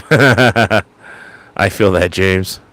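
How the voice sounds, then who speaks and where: A man's voice: fairly low pitch, drawn-out words, fairly bright tone, dry recording. A man hosting a casual late-night livestream into an ASMR microphone, rambling and stammering as he repeats words. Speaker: livestream host.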